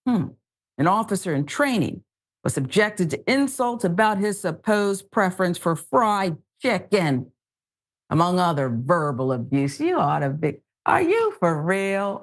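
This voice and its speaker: A woman co-hosting a news show, reading stories and adding sarcastic, animated asides. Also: medium pitch. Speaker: news co-host.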